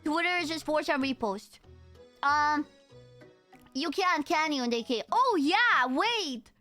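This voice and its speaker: A young woman with a Romanian accent chats loosely with her viewers, joking and full of slang. Her voice sits high and sounds bright and sharp. Faint music plays underneath. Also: lively intonation, measured pace. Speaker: streamer. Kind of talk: casual chat with viewers.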